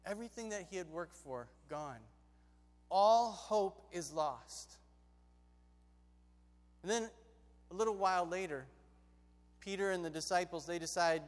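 Preacher, man, storytelling sermon, high voice, big reverberant hall. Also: a little slow, pauses often. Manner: lively, conversational, shifts between loud and hushed.

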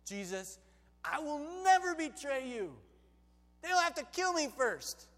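Loud, excited outbursts from an impulsive disciple who goes all in, as a preacher plays him. The voice is high and bright. It rings out with a long echo in a big hall. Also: male voice, normal speed. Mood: eager. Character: impulsive all-or-nothing man, the disciple Peter.

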